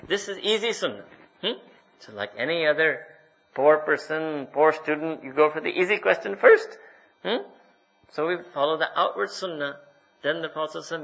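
A man's voice: a little high, lively intonation, normal speed, vocal fry, fairly bright tone. A man preaching a sermon as a mufti, scolding his listeners with rhetorical questions and frequent "hmm?". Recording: dull lo-fi recording.

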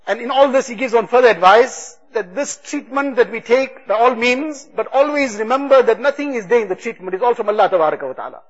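A man giving a religious talk, retelling stories with quoted dialogue in a husky voice. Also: very high-pitched. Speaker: religious speaker. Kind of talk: sermon storytelling. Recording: dull lo-fi recording.

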